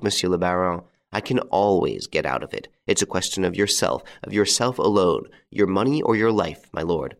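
Guy reading as a cocky gentleman thief, deep gravelly voice, teasing and theatrical, audiobook. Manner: jaunty, taunting, theatrical. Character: bold mocking gentleman thief, adult man.

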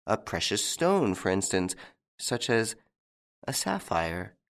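A man reading as Lupin, a taunting gentleman thief. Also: slow, vocal fry, heavily acted. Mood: sly. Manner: teasing, taunting, lively swings in pitch. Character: mocking, playful gentleman thief, adult man. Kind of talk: audiobook character reading.

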